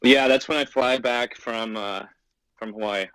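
A man's voice: mid-range voice, steady tone, measured pace, a bit bright, smooth, dry recording, rough recording. A man calling in to a podcast, chatting loosely and laughing at his own stories. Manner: rambling and self-amused, laughs mid-sentence. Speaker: caller, league member. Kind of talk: casual chat over a call.

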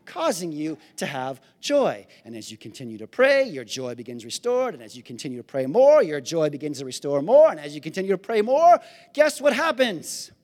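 A male pastor preaching a sermon to his congregation, swinging between shouted praise and easy conversational asides. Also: on the high side, sing-song, brisk. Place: church sanctuary. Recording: long hall reverb.

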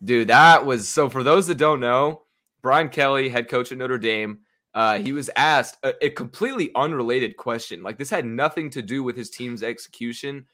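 Bright-voiced young man ranting about football. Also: medium pitch, moderate pace. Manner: animated, swearing, gets worked up. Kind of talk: casual sports chat.

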